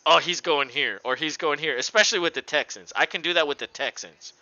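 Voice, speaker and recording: A man's voice: fairly high pitch, fairly quick, dry recording, muffled recording. A man co-hosting a sports podcast, ranting casually with lots of swearing and mocking impressions. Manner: animated, profane ranting with mocking voices. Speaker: podcast co-host.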